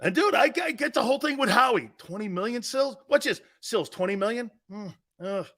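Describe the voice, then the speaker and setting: A man's voice: extremely high pitch, animated, fairly quick, pushed and bright. A man hosting a sports talk show, blunt and brash, trash-talking callers and hammering his points home with a repeated "Okay?".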